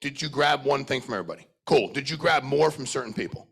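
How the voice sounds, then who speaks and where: A middle-aged man giving a blunt, profane, high-energy sales talk to a live conference audience, questioning people in the crowd. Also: lively intonation, quick pace, creaky, a bit bright, breathy edge. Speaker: sales trainer speaking at a conference.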